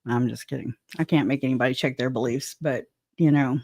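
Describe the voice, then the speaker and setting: A woman from southwest Louisiana hosts a laid-back true-crime livestream, greeting viewers, chatting, and laughing often between joking asides. Her voice is extremely low, fairly even in intonation, a bit fast and slightly mellow, in studio-quality audio with no room sound.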